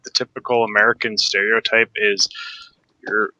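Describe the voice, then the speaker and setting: Man, very bright tense voice, casual gaming chat, rambling storyteller. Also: on the low side, little pitch movement, normal speed, slight background noise. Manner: rambling, lots of fillers and restarts, laughs. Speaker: co-player. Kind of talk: casual chat while playing a game.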